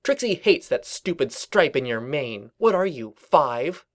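A man's voice: on the high side, very animated, measured pace, voice pushed up. Trixie, a man doing a haughty snappish pony mare. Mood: snapping. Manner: speaks of herself in the third person, snappish. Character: arrogant female unicorn pony mare, rude and boastful.

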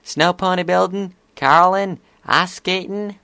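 A man's voice: high voice, unhurried, creaky, sharp tone, smooth, dry recording, pitched above the performer's own voice, exaggerated voice. A man voicing an eager, chatty young filly pony.

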